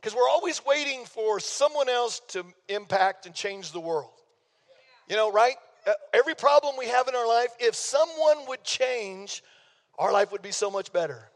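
A man's voice: extremely high pitch, animated, moderate pace. An older man, preaching a sermon as pastor in a folksy, playful way. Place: church sanctuary. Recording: long reverb of a church hall.

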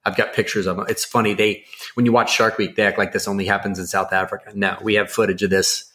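Podcast guy, lowish voice, rambly and excited, lots of ums. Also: fast talker. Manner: excitable, rambling, full of fillers. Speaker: podcast co-host. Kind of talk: casual storytelling chat.

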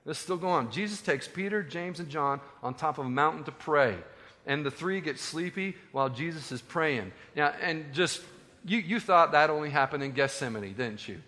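A man preaching a sermon as a pastor, animated and conversational with joking asides, in a hall with long reverb. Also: on the high side, normal speed.

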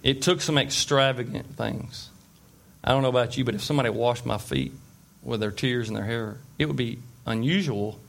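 Male preacher, relaxed storytelling sermon, asks the room questions. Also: mid-range voice, normal speed, gravelly. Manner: conversational storytelling with fillers and asides; checks in with the listeners. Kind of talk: informal sermon.

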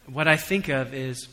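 A man preaching a sermon in a church hall, conversational with humorous asides, swinging between soft reflection and emphatic calls to the congregation. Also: medium pitch. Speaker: pastor. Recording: long hall reverb.

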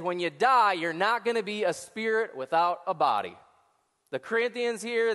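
A man with a high voice preaches in a lively, joking way, teasing the congregation and asking them to talk back. He is an associate pastor speaking to hundreds of people in a church auditorium. The sound carries a long hall echo. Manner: joking, talks back to the crowd. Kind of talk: sermon.

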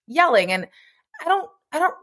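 A woman's voice: sits high, big pitch swings, normal speed, a bit bright. A woman co-hosting a podcast, chatting earnestly about motherhood and swearing casually now and then. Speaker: podcast co-host. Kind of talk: casual chat.

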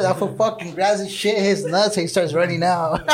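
A man's voice: high voice, unhurried, a bit bright. A young man hosting a podcast, telling crude party stories full of profanity and slang, laughing often. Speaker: podcast host. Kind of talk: casual storytelling chat.

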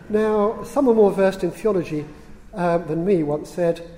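A man giving a public lecture in a large hall, dry and witty, unhurried, with the odd filler. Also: sits high, mellow. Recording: reverberant hall sound.

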